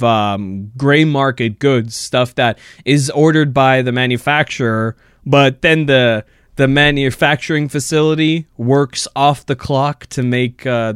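A man co-hosting a casual podcast, rambling and quick to laugh. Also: mid-range voice, fairly bright tone, clear, resonant tone, no echo, studio quality. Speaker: podcast co-host. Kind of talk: casual chat.

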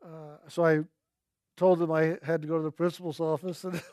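A man with a fairly high voice tells a personal story in an earnest, reflective way. He quotes the people in it without changing his voice. The sound is dry and close. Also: level tone, normal speed, a little mellow, dry recording.

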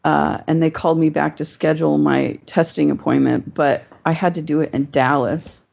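Gravelly woman telling a rambling story. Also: sits low, steady tone, normal speed, a little mellow. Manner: rambling, profane, many fillers. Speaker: guest telling a personal story. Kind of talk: casual storytelling chat. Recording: dull lo-fi recording.

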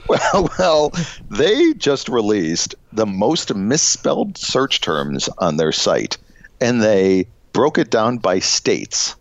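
A middle-aged man co-hosts a jokey podcast, talking in a loose, halting ramble full of fillers. His pitch swings freely between highs and lows. The audio is dull and dry, with a lo-fi feel. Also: sing-song, no echo. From Illinois. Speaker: podcast co-host. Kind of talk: casual comedic chat.

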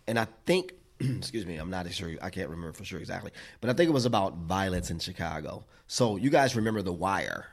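A man co-hosting a casual discussion, telling a story in an animated way and acting out the quotes. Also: low-pitched, a little fast, few pauses.

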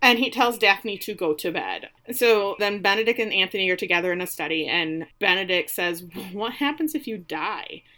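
A woman's voice: medium pitch, fairly quick, few pauses, pushed and bright. Woman casually recapping a show. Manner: sarcastic, playful recap with quoted dialogue. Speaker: podcast co-host recapping a TV show. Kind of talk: casual chat.

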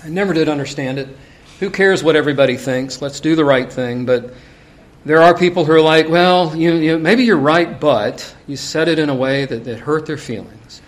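A middle-aged man preaching to his congregation with a voice pitched a little above most men's. He talks in a loose, conversational way and fills the sermon with personal stories and asides. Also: normal speed. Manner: conversational, anecdotal, frequent asides.

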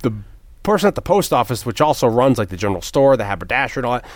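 A man's voice: medium pitch, sing-song, racing, no room sound, studio quality. A man casually retelling a film plot on a podcast, acting out the characters and swearing freely. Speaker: podcast co-host. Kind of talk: casual movie recap chat.

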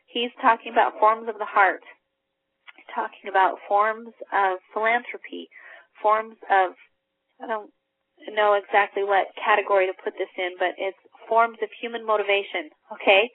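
A woman's voice: medium pitch, steady tone, moderate pace, dry recording. A woman leading a teaching call, reading a passage aloud and explaining it in an earnest way, stressing key words. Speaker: family mentor trainer. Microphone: phone call. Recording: tinny dry phone line.

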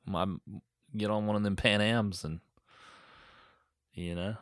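A man's voice: lowish voice, fairly even intonation, slow, fairly bright tone, smooth, dry recording, clean studio sound. A man in his thirties co-hosting a podcast in casual chat, joking and laughing, with a cold and a sore throat. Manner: joking, laughs often, sings off-key bits for fun. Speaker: podcast co-host.

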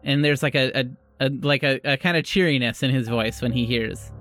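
A game master narrating a tabletop game in a halting way, with many restarts. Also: medium pitch, a bit bright, soft background music.

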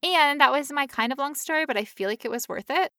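A young woman telling a long story in casual chat, animated and acting out quotes in high voices. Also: quick pace, dry recording, clean studio sound.

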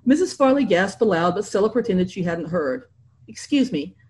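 A woman narrating a novel in an expressive storytelling manner. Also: mid-range voice, fairly quick. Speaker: audiobook narrator. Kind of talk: scripted narration.

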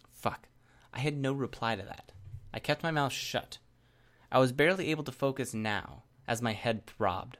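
A man narrates a first-person story in a steady, measured reading. His voice sits at a middle pitch and stays composed through tense scenes. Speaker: audiobook narrator.

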